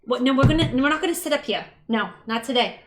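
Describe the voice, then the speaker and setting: Cooking live from her home kitchen, a bubbly mom chats away, reading comments from viewers and talking to her toddler. She's a fast talker with a high voice and lively intonation, captured in a low-quality recording.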